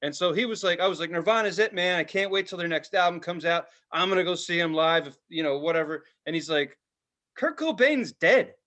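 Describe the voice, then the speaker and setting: Slightly high-voiced and fast, this forties-aged podcast co-host barely pauses as he spins casual stories. He curses a lot and performs the quotes, telling everything with animation.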